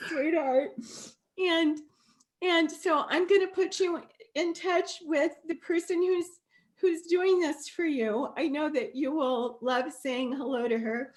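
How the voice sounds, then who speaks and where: A high-pitched woman hosts a masterclass on a video call. She talks affectionately and emotionally, calling the listener sweetie and honey. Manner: warm, affectionate, tearful at times. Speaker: masterclass host. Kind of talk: live video call talk.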